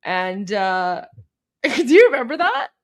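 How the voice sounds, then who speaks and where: A woman's voice: medium pitch, sing-song, slow. A woman from Iran co-hosting a live stream, chatting casually with many fillers and restarts.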